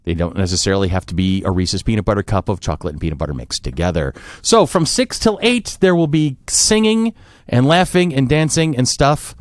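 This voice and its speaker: A podcast host with a lowish voice talks a little fast, with no echo on the recording. He runs through upcoming events in a cheerful, upbeat announcer style during a casual show.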